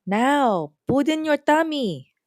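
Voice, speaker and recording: A woman's voice: high voice, sing-song, slow, darkish tone, dry recording, studio quality, voice pushed up, heavily acted. A woman voicing a mumbling old grandmother without her dentures, speaking in broken English. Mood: insistent.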